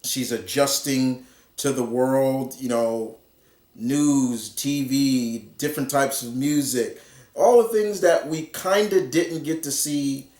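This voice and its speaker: A man's voice: mid-range voice, fairly even intonation, slow, darkish tone. A man casually reviewing a comic book, rambling with lots of fillers and restarts. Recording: roomy echo.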